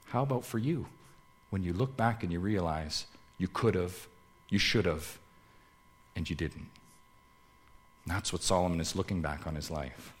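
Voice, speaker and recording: A man preaching a sermon, swinging between loud emphatic lines and hushed low asides, and putting rhetorical questions straight to his listeners. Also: lively intonation, moderate pace, long pauses. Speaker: pastor.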